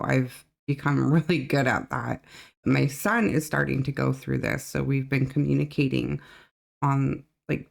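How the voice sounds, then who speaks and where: Brief: reaction host, woman, low voice with some fry, casual chat. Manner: chatty, enthusiastic, confiding.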